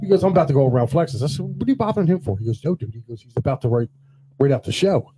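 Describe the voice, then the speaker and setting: This podcast co-host spins casual stories with lots of animation, voicing the quoted lines of the people involved. He speaks fast in a medium-pitched voice, over music.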